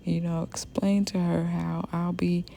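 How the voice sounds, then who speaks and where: A woman's voice: lowish voice, level tone, measured pace, creaky, warm tone, a little hiss or hum. A young woman, a hairstylist, telling a personal story in a chatty, rambling way with lots of fillers. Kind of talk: casual storytime.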